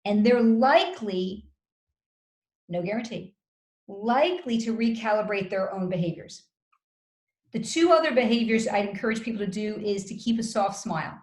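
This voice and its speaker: A woman with a mid-pitched voice gives practical communication advice as a guest. She explains each point in a measured, step-by-step way with deliberate pauses. Her voice carries a noticeable room echo over a video call. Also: lively intonation, darkish tone. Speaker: communication skills guest expert. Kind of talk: coaching advice in conversation. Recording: roomy echo.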